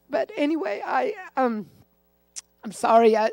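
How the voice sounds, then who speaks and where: A woman's voice: high voice, a little slow, darkish tone, no echo. An older woman giving an emotional, rambling testimony in church. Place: church sanctuary.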